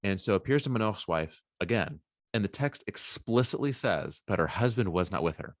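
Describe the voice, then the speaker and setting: Deep-voiced man retelling a story. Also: moderate pace, no echo, studio quality. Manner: animated retelling with acted-out quotes. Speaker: podcast co-host. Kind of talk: casual Bible discussion.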